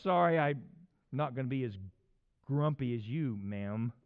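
Animated male preacher, dull lo-fi sound. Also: mid-range voice, unhurried. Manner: animated, conversational preaching with sudden loud peaks and acted voices. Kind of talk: sermon. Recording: dull lo-fi recording.

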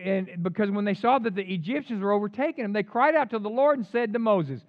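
A man preaching a sermon, swinging between loud emphatic lines and quiet asides. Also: high voice, normal speed, dull audio. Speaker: pastor.

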